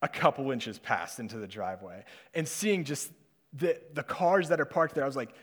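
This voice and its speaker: A man's voice: mid-range voice, normal speed. A young man giving a sermon as a conversational personal story, laughing often and using many fillers. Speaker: preacher. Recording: long hall reverb.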